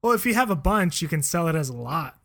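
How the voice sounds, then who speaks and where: A man's voice: fairly high pitch, big pitch swings, fast talker, vocal fry, fairly bright tone. A man co-hosting a podcast in casual chat, making brief hesitant remarks and laughing along. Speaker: podcast co-host.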